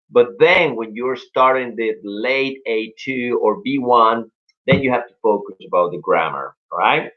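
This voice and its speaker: A young man gives an upbeat English lesson over a live stream, slowing down and drawing out the words he wants to stress. His voice sits in a middle pitch. The sound is a little dull and lo-fi. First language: Spanish. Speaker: English teacher.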